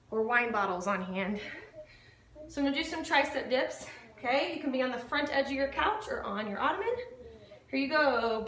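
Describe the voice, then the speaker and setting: A woman's voice: sits high, fairly bright tone, roomy sound, recorded from a distance. A woman fitness instructor leading a home workout, upbeat and counting reps aloud, a little out of breath as she exercises along. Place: home living room.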